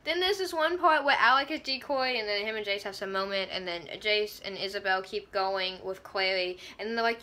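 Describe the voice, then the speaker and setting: A woman reviewing a TV episode in a casual fan vlog, gushing and excitable, often laughing mid-sentence. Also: mid-range voice, moderate pace, hardly any pauses.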